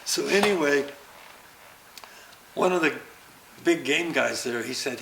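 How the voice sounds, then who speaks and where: A man's voice: fairly high pitch, slow, gravelly, pauses often, a little hiss or hum. Older man spinning a stunt yarn. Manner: animated, acts out the action with sounds and laughter. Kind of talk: anecdotal storytelling. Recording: roomy recording.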